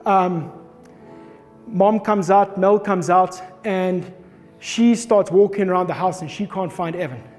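A man in his thirties preaching a sermon, telling a personal story with animated delivery and acting out his own shouts. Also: high-pitched, unhurried. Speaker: pastor. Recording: long reverb of a hall, faint music behind.

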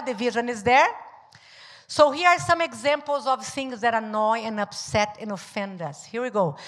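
A woman pastor with a high voice preaches a sermon alongside her husband in a church hall. She is animated, acting out little scenes, laughing often and sometimes shouting, all under a long hall reverb.

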